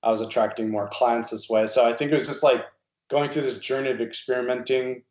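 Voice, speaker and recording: A man's voice: mid-range voice, fairly even intonation, a little fast, a little mellow. A man from Nebraska, a guest designer, answering interview questions in a thoughtful, hesitant way with many fillers. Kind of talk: casual interview. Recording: roomy echo.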